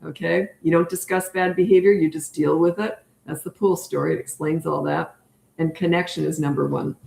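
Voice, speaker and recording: Chatty older woman, lowish voice, echoey room. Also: fairly even intonation, brisk, gravelly, a little mellow. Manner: chatty, emphatic, repeats key points. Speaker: parenting coach. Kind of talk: live-stream Q&A, answering viewer comments.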